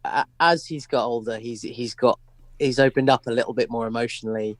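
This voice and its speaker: A man's voice: mid-range voice, steady tone, a little fast, no echo. A British man co-hosting a podcast, speaking in a dry, self-mocking way. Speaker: podcast co-host. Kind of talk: casual chat.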